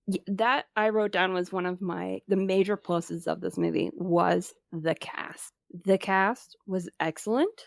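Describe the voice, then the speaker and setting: A woman co-hosting a podcast, chatting casually about movies, bubbly and quick to laugh. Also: medium pitch, vocal fry, no echo, clean studio sound. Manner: bubbly, laughs often, animated. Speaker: podcast co-host. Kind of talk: casual movie review chat.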